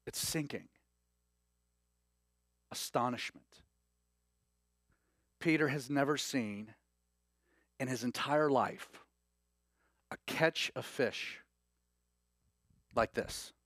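A man preaching a sermon in an animated, conversational way with laughing asides. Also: medium pitch, drawn-out words, pauses often, no echo, clean studio sound. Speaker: pastor.

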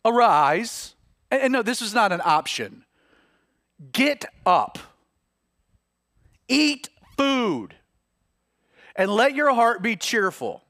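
A man doing a scornful, commanding queen, her voice pitched high and swinging widely as she mocks a whining husband. She is impatient and bossy, heard dry and close with no room sound. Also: sing-song, slow pace, vocal fry, long pauses, a bit bright, no room sound, exaggerated voice.

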